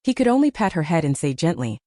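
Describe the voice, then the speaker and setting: Low, expressive woman narrator. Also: quick pace, dry recording, studio quality. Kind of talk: scripted story narration.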